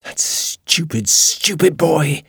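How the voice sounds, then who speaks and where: A man voicing a scared but determined young girl in a storybook reading, speaking in hushed, urgent tones. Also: lowish voice, flat delivery, moderate pace, slightly rough, dry recording, clean studio sound. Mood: angry hiss.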